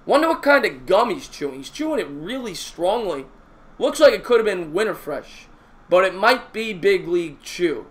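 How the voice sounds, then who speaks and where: A man streaming his own baseball play-by-play, calling pitches and chatting with viewers in a jokey, excitable way. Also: moderate pace. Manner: excitable, raises voice on big hits. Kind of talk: live-stream baseball play-by-play with chat shout-outs.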